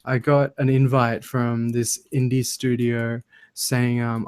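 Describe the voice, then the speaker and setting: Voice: mid-range voice, level tone, slow pace, a little mellow, clean tone. Chatty host on a voice call. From Australia. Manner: chatty, laughs often, eager. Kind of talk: casual group chat on a call.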